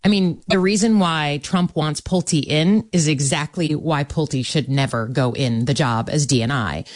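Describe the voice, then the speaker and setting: A woman with a notably low voice speaks as a senator in a political interview. She is measured and earnest, pausing on ums now and then. The sound is dry and close. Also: dry recording. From Michigan.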